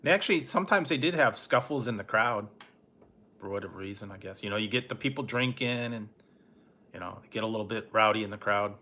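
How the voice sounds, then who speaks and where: A middle-aged man hosting a late-night live stream, telling a rambling, laid-back story with soft chuckles and answering chat. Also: lowish voice, fast talker. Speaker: food review channel host.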